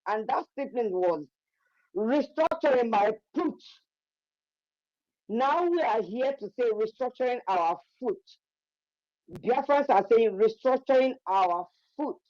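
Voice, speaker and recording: A mellow-voiced woman greets the group formally and politely. The line is dull and dry, like lo-fi call audio. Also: a little high, expressive, measured pace, pauses often, dry recording. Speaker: caller. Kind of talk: formal greetings before a speech.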